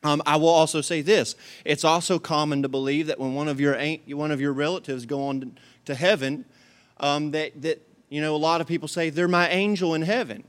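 A man preaches a sermon with a folksy, joking manner. His voice sits a little high and sounds smooth and clear. He stays animated from line to line. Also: fairly quick. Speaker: pastor.

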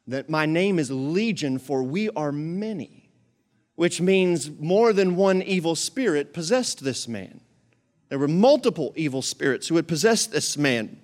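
A man delivering a sermon in a noticeably high voice. He reads scripture aloud, then breaks into casual, animated explanation with jokes and asides to his listeners. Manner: jokes and talks to the congregation. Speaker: pastor.

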